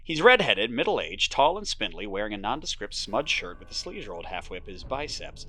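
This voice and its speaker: Man, board game host, animated swooping pitch, dramatic story reading, casual asides. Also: brisk, a little hiss or hum. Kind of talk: reading story text and explaining game moves.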